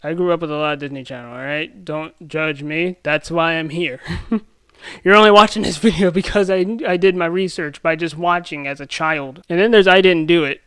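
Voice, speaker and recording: A young man doing a rambling, excitable commentary rant, tripping over himself with restarts and asides. His voice is smooth and resonant, recorded close and dry with no room sound. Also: a little high, moderate pace, no echo. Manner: rambling and excitable, many restarts and self-interruptions. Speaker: YouTube commentator. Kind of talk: ranting pop-culture commentary.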